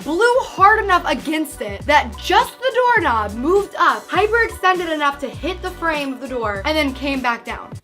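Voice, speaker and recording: A young woman telling a ghost story to camera in a casual, animated way, acting out voices and dropping to a hush at tense moments. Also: sits high. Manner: animated, acts out quotes and sounds, drops to a hush for tense parts.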